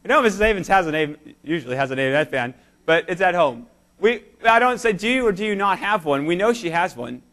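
Guy with a high voice preaching in church, emphatic, tells stories to the congregation. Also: lively intonation, fast, fairly bright tone. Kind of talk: sermon. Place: church service.

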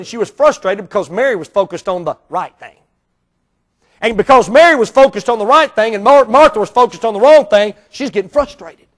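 A preacher with a notably high-pitched male voice delivers an emphatic sermon. He drops to near-hushed asides, then climbs to loud, ringing outbursts. The sound is that of a man preaching in a church auditorium. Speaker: Baptist pastor.

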